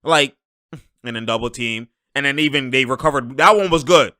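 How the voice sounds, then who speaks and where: A man hosting a basketball reaction show, giving slangy, excited commentary over game clips and laughing often. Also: mid-range voice, normal speed, dry recording, studio quality. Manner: animated, slangy, laughs often, shouts at plays. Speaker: host of a basketball reaction channel.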